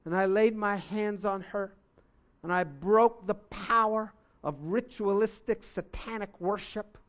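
A man preaching a sermon, telling a story slowly and earnestly and rising to emphatic outbursts. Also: high voice, fairly bright tone. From United States. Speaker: pastor.

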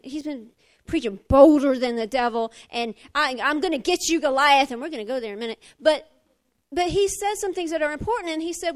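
A middle-aged woman preaching a sermon, animated, swinging from emphatic fire down to quiet talk. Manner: animated, rising to emphatic fire then dropping low.

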